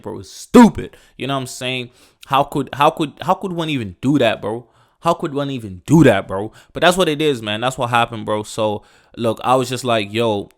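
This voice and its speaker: Ranting podcast guy, swearing a lot. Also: medium pitch. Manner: profane and emphatic, repeats "bro" and "you know what I'm saying"; loose, rambling, restarts sentences. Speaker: podcast host. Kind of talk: casual rant.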